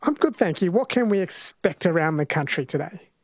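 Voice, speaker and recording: A man hosting a radio talk show, chatting in a relaxed, thinking-aloud way. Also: high voice, fairly quick, breathy edge, dry recording, studio quality. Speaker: radio host.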